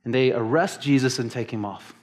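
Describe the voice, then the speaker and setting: A man preaching to his congregation, telling the story with lively emphasis and acting out quoted lines. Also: medium pitch, fairly quick. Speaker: pastor. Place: church service in a large hall.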